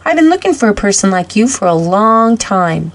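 A woman voicing a jolly, kindly old male Santa Claus who talks briskly and heartily. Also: medium pitch, very animated. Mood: hearty.

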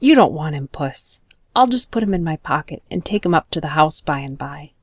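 A cheerful farm boy talks briskly and heartily, as a woman reading a storybook puts him on. The voice is on the low side and sounds dry and close. He speaks a little faster and louder than the plain narration. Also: lively intonation, no echo. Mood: hearty.

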